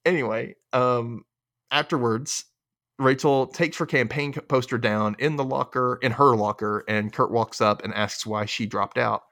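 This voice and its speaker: A man's voice: medium pitch, unhurried, a bit bright. A man hosting a casual recap podcast, a little tipsy, swearing freely and laughing often. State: tipsy from drinking. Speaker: podcast host.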